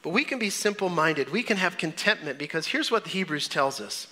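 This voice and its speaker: Bright-voiced man preaching earnestly. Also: expressive. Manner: earnest, rising and falling in pitch and volume, preaching with pauses. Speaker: pastor. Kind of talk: sermon.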